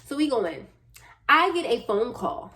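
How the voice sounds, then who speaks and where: A woman in her twenties telling a client story in a casual vlog, animated and expressive, with slang and quick asides. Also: on the high side. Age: 20s. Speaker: social media manager telling a client story.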